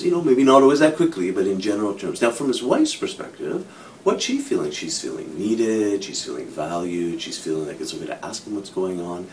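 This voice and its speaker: A middle-aged psychologist talks to camera, explaining ideas through imagined examples. He's animated and says "kind of" frequently. The recording is taken from a distance, with a faint low rumble.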